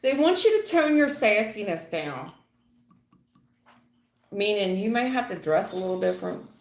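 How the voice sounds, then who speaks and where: A woman's voice: mid-range voice, very animated, moderate pace, roomy sound. A woman giving a live tarot reading, chatty and folksy, calling viewers honey and baby. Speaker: tarot reader.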